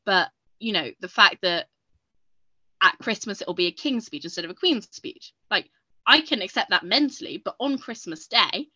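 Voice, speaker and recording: A woman co-hosting a podcast in casual chat, telling stories animatedly and acting out her own shouts. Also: medium pitch, animated, normal speed, dry recording, muffled recording. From England. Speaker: podcast co-host.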